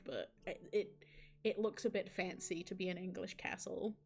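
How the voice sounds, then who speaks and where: A woman's voice: mid-range voice, normal speed, fairly bright tone. A woman streamer reading a visual novel aloud and chatting with viewers in a rambling, self-mocking way, with frequent restarts.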